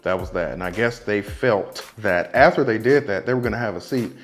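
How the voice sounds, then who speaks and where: A man's voice: lowish voice, a little fast, faint music behind. A man who works as a bus driver, talking through video clips in a casual commentary vlog and giving earnest, repetitive safety advice. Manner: earnest, advice-giving, repeats points for emphasis.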